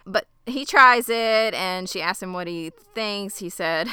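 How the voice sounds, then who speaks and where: A woman casually retelling a TV episode to a co-host, quick and chatty, often laughing. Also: medium pitch, bright, forceful tone, clean tone, no echo, clean studio sound. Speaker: podcast co-host recapping a show. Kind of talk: casual chat recap.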